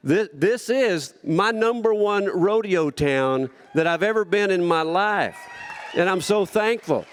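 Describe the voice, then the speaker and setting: A man with a fairly high voice speaks at a banquet hall podium, accepting a rodeo honor. His speech is heartfelt and rambling, full of stories and acted-out quotes. He speaks in a relaxed, personal way. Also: unhurried, clean tone, some chatter behind. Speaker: rodeo hall of fame inductee giving a speech.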